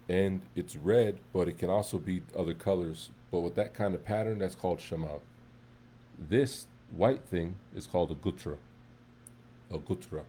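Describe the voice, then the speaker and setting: A man teaching an Arabic class in a relaxed, conversational way, often checking in with his students. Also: deep voice, a little hiss or hum. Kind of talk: live classroom lesson.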